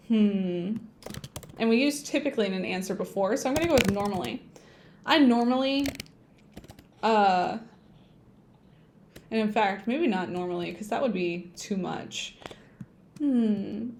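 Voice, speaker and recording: On a livestream, a woman with a fairly high voice teaches an English speaking-test lesson, with background noise audible. She thinks aloud and hums and sings to herself as she types.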